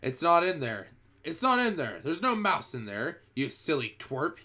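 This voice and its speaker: Man doing rowdy cooks shouting insults, a bit higher than his own voice. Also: big pitch swings, normal speed, heavily acted. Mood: mocking. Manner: mocking shouting. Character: jeering adult male kitchen cooks.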